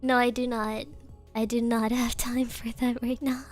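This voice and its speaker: A woman's voice: fairly high pitch, flat delivery, normal speed, soft background music. A young woman chatting casually on a stream, giggling often and coaxing her dog.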